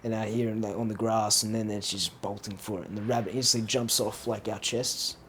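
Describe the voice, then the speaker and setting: A man's voice: on the low side, flat delivery, brisk, fairly bright tone. A young man, co-hosting a casual podcast chat. He rambles, leans on lots of fillers and laughs often. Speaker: podcast co-host. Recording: faint background noise.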